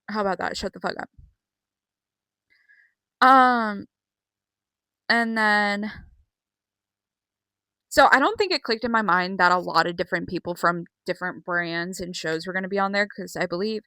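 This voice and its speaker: A girl chatting her way through a casual recap vlog, rambling and excitable, swearing freely and filling pauses with "um." Her voice is bright and forward. The recording is dry and close, with no room sound. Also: medium pitch, clear, resonant tone, no room sound. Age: young. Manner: rambling, excitable, swears often, many fillers. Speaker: vlogger.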